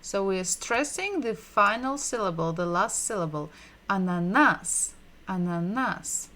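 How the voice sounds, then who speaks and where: A woman giving a livestreamed language lesson, patiently repeating sounds and words slowly so learners can drill them. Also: medium pitch, animated, sharp tone. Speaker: Russian language teacher.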